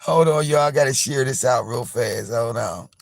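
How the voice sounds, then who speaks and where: A man hosting a live stream, telling a story in a loose, animated way, repeating himself, swearing, and calling his viewers y'all. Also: mid-range voice, moderate pace, gravelly. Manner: animated, repetitive and profane, addressing viewers as y'all. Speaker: livestream host.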